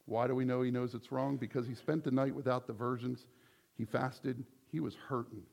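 A male pastor preaching a sermon, animated, acting out quoted voices as he teaches. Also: medium pitch, normal speed, vocal fry.

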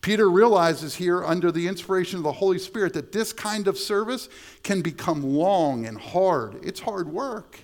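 A man's voice: high voice, expressive, normal speed. A middle-aged male pastor preaching a sermon in a conversational way, repeating words and adding asides. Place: church sanctuary.

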